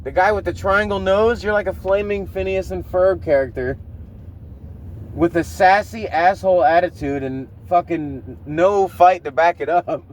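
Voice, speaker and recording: A man's voice: high-pitched, fairly even intonation, normal speed, a little hiss or hum. A man hosting a solo podcast, ranting in a profane, rambling way with lots of fillers and mocking asides. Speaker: podcast host.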